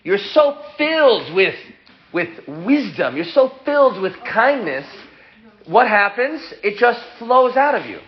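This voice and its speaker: A man's voice: high voice, big pitch swings, a little slow. A man teaching a casual Torah class to students, playful and chatty as he explains ideas and answers questions. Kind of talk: informal Torah lesson with questions. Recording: dull lo-fi sound with loud hiss.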